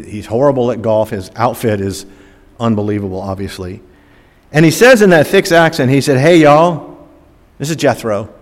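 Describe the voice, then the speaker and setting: Older preacher with a hall echo. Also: male voice, medium pitch. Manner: emphatic preaching that drops to soft, slow endings. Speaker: pastor. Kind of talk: sermon. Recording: long hall reverb.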